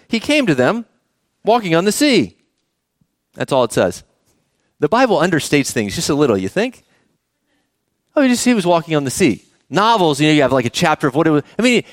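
A middle-aged man preaching a sermon as pastor, conversational and animated, often asking the congregation questions. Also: high voice, no room sound, clean studio sound.

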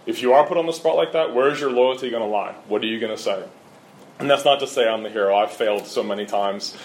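A middle-aged man preaching a sermon with earnest, emphatic delivery and lively storytelling. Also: fairly low pitch, fast talker, a little hiss or hum. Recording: roomy echo.

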